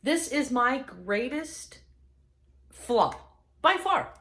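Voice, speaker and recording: A middle-aged woman chatting casually as host, an enthusiastic and animated storyteller. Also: sits high, very slow. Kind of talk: casual chat.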